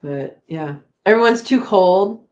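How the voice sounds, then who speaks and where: The recording is muffled as a woman at a medium pitch hosts a homesteading live chat at a slow pace. Relaxed and chatty, she reads viewer comments aloud, laughing often and trailing off with fillers.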